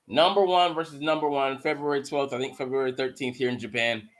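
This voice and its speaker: A man hosting a live watch party, commenting casually and profanely on the game with excitable outbursts. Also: medium pitch, fast, few pauses. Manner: profane, excitable, bursts into mocking shouts. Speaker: live stream host.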